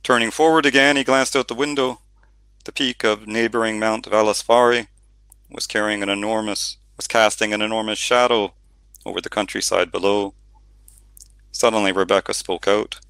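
A man narrating an audiobook in steady storytelling, with the odd reading slip. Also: fairly low pitch, normal speed, clear, resonant tone, dry recording. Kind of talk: scripted narration.

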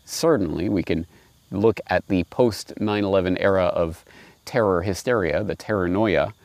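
A man reading fables aloud and commenting on them, animated and wry. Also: sits low, moderate pace, no echo. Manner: animated, wry, laughs at his own points. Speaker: host.

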